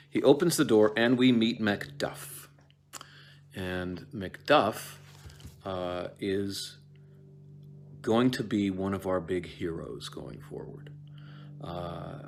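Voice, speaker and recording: A deep-voiced actor lectures casually about a Shakespeare play, with a little hiss or hum in the recording. His talk is full of digressions, fillers and restarts, and he performs lines in rapid quoted voices.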